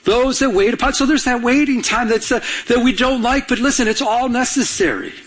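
A man delivers a sermon to his church with an urgent push, repeating words and restarting phrases for emphasis. His voice sits high and carries a husky edge. He keeps calling out questions for the congregation to answer. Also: expressive, fairly quick, a bit bright, low-quality recording. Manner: urgent preaching with call-and-response questions to the congregation. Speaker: pastor.

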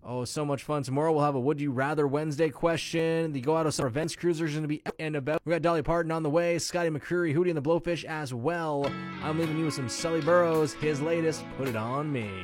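A man's voice: a little high, fairly even intonation, quick pace, few pauses, soft background music. A man hosting a radio show, chatting in a jokey, playful way with mock-dramatic asides. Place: radio studio. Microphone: studio mic.

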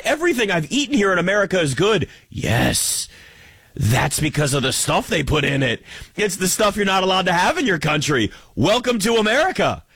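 A male sports commentator delivers an opinionated monologue. He rants with wry humor and a teasing edge. His voice sits a little higher than most men's, and the recording is dry with no room sound. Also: a bit bright, breathy edge, dry recording. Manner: wry, ranting and joking.

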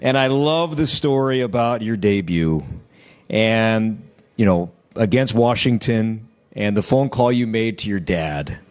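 A man's voice: lowish voice, animated, measured pace, darkish tone. A man hosting a broadcast interview, prompting his guest with friendly questions. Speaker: host, interviewer.

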